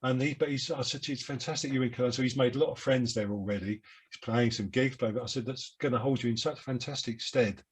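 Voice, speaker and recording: A man in his seventies with a London Cockney accent, a guest telling rambling, self-deprecating stories in a relaxed interview over a video call. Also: mid-range voice, quick pace, husky. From London, England. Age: 70s. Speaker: guest musician. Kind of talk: reflective interview chat.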